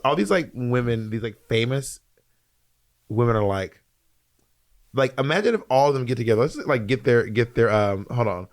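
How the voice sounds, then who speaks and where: A man in mid-range pitch co-hosting a casual podcast. He rambles, trails off and restarts, padding his talk with fillers. His voice sits right in the middle for a man. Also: animated. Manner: rambling, halting, many fillers. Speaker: podcast co-host. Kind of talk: casual chat.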